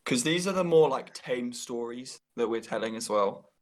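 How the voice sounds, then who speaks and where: A man's voice: mid-range voice, lively intonation, moderate pace. A young man chatting playfully on a casual podcast about school days. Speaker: guest.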